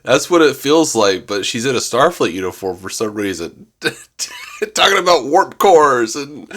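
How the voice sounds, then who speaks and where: A man's voice: medium pitch, very animated, measured pace, a bit bright. A man co-hosting a podcast in casual review chat, blunt and wry, laughing and swearing casually. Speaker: podcast co-host.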